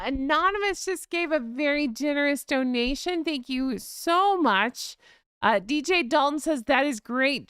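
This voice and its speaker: Woman host chatting live, rapid excited talk, smooth but gravelly, dry close sound. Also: a little high, no room sound. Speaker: livestream host. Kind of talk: casual live chat. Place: home.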